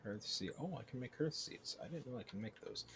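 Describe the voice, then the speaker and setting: A man's voice: mid-range voice, expressive, brisk, noisy background. Man muttering through a game stream. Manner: muttering to himself while playing. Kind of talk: casual game commentary.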